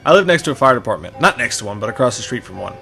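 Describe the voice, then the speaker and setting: A man talks quickly through a casual movie commentary, swearing freely and dropping behind-the-scenes trivia. His pitch sits in an ordinary middle range. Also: sing-song, creaky, pushed and bright, soft background music. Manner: chatty, profane, shares film trivia.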